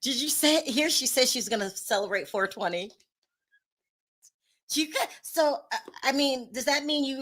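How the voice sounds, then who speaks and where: A chatty woman hosts a casual reality TV recap, candid and quick to laugh as she talks to the chat. Her voice is bright and forward, sitting a touch high. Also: animated. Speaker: reality TV commentary host.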